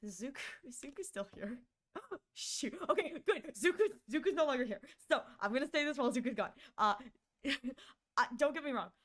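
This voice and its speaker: Giggly high-voiced woman streamer. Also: lively intonation, normal speed, a bit bright. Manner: giggly, rambling, playful, stutters on restarts. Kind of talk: casual stream chat.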